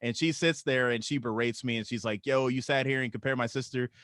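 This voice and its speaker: A man's voice: medium pitch, fairly even intonation, a little fast, a bit bright, no room sound, studio quality. A young adult man, a stand-up comedian, telling a loose, profane story on a casual podcast. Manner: loose, profane, laughs through his story.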